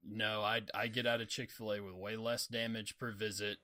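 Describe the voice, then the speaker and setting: Bright-voiced, laid-back podcast co-host man. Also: on the low side, flat delivery, normal speed. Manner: laid-back, laughs easily. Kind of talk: casual chat.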